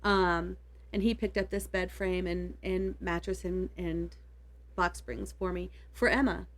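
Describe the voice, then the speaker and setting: A woman co-hosting a casual book podcast at home, easygoing and quick to laugh as she tells stories. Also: on the low side, fairly even intonation. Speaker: podcast co-host. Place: home basement.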